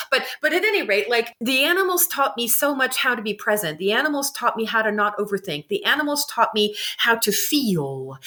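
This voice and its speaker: A woman giving an animated, expressive interview as a guest, quick to laugh. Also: mid-range voice. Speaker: guest, psychic medium and animal communicator. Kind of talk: candid conversational interview.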